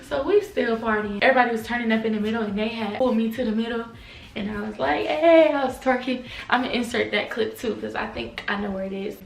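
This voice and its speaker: A woman casually telling a party story to camera, animated, slangy and profane, acting out the quotes. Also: fairly high pitch, fast talker, vocal fry. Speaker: storytime vlogger. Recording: echoey room, mic at a distance.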